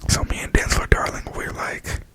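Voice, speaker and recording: A man softly speaking and whispering in a chatty ASMR review, full of fillers, close to the mic. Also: moderate pace, rough recording. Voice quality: whispery, breathy.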